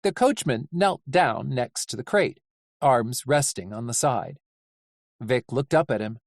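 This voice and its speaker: An audiobook reader giving measured, animated narration of a story. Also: mid-range voice, no room sound, studio quality. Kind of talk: scripted narration.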